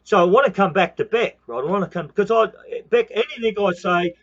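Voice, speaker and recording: A man's voice: sits high, fairly quick, muffled recording. An Australian man in his sixties giving a heated, profane monologue on his own channel, repeating phrases and calling the listener mate. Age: 60s. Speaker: channel host. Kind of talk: ranting monologue.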